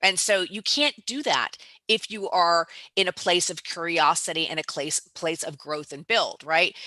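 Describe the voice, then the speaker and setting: Woman entrepreneur, interview guest; bright, slightly high, dry close sound; emphatic, acts out dialogue. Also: no room sound. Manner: emphatic, tags points with "right?"; acts out both sides of dialogues. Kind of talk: motivational interview talk.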